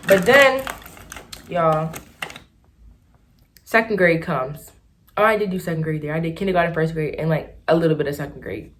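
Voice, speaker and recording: A young woman talks to her camera in a loose storytime, circling back on herself and packing her sentences with "like" and "y'all." Her voice sits a bit low for a woman, but she jumps up and down in pitch whenever she wants to stress a point. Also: moderate pace, pauses often. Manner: chatty and rambling, full of "like" and "y'all". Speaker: vlogger. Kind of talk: casual storytime while doing makeup.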